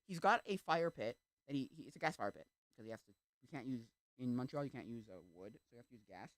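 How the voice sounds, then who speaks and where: A young man talks fast on a livestream, his pitch bouncing up and down as he rambles from tangent to tangent. His speech is packed with fillers, and his voice sounds close and dry. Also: animated, fairly bright tone, no echo. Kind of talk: casual chat.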